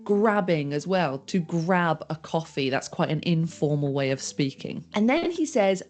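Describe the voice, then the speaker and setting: A woman teaching informal English, explaining phrases clearly and acting out example sentences. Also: low-pitched, big pitch swings, measured pace, darkish tone, faint music behind. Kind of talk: scripted language lesson.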